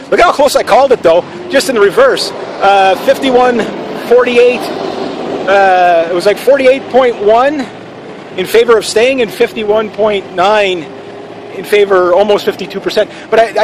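A man's voice: high voice, background noise. A man giving a casual, opinionated video monologue, rambling with frequent restarts and fillers. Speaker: vlogger.

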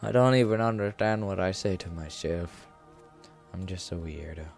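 A man's voice: low voice, moderate pace, gravelly, a little mellow, faint music behind. A young man streaming a game, rambling goofily, humming and singing to himself. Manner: rambling, goofy, hums and sings to himself. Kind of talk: casual gameplay commentary.

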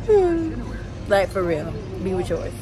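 A woman's voice: mid-range voice, very animated, slow pace, over music, crowd noise. Chatty young woman vlogging. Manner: chatty, slangy, addresses viewers as "y'all". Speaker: vlogger and mother. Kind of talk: casual vlog chat to viewers.

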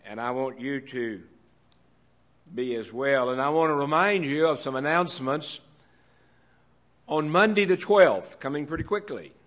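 Guy hosting a live event, mid-pitched voice, folksy, talking straight to the crowd. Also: unhurried, pauses often, fairly bright tone. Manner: folksy, direct, addressing the room. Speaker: host. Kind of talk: live event announcements to an audience.

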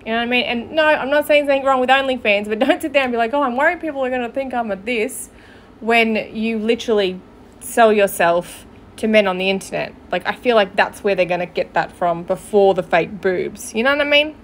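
A woman's voice: a little high, brisk, slight background noise. A woman hosting a podcast, reacting bluntly to played clips with profane, sarcastic commentary. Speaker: podcast host.

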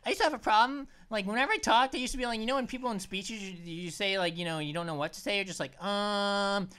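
A woman's voice: medium pitch, fast, smooth. A woman hosting a let's play, chatting casually and jumping at every scare. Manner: excitable and easily startled, chatty. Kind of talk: casual gameplay commentary.

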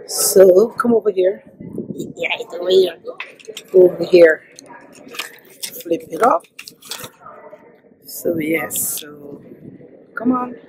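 A family vlogger with a Jamaican accent walks through city streets and a subway station, chatting casually to her audience on a handheld phone. She mixes in patois and laughs often. Her low, slightly mellow voice is expressive and slow with frequent pauses, and the recording is low quality.

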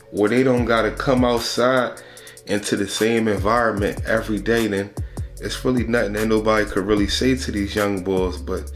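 A man giving casual commentary with many fillers, then reading out a news report. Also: lowish voice. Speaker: commentary host.

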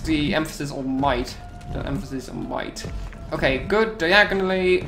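A man giving casual gameplay commentary, excitable, repeating himself and yelping at sudden moments. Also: fairly high pitch, moderate pace, faint music behind.

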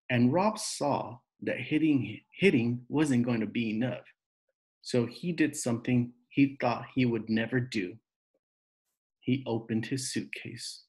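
A man reading a novel aloud in slow, steady narration. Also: mid-range voice, poor audio. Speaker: reader.

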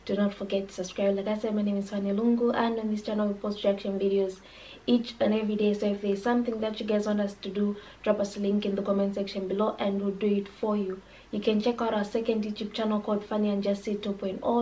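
A woman's voice: medium pitch, little pitch movement, a little fast, dark tone, distant mic, low-quality recording. A woman hosting a reaction channel, talking to her viewers in a friendly, chatty way. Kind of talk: casual vlog intro.

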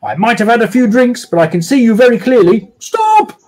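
A man doing a drunk, shouting village sergeant. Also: wildly swooping pitch, moderate pace, husky, exaggerated voice. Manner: shouting high and panicky.

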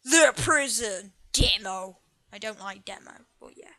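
A young gaming YouTuber chatting casually over a let's-play, muttering quiet asides. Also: mid-range voice, animated, measured pace.

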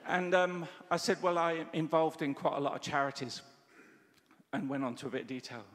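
Animated preacher in a reverberant church hall. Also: male voice, fairly high pitch, fairly quick, slight background noise. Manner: animated storytelling with quoted dialogue. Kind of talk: sermon.

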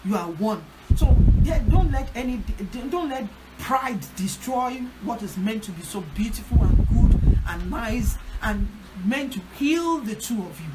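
A woman's voice: fairly high pitch, animated, a little slow, few pauses. A woman pastor, urging her listeners in an emphatic, repetitive teaching talk on a prayer line. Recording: loud background noise.

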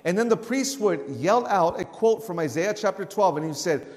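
A man leading a Bible study, talking in a loose conversational way, often restarting his words and raising his voice to act out shouts. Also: high-pitched, animated, normal speed, few pauses, big-room sound.

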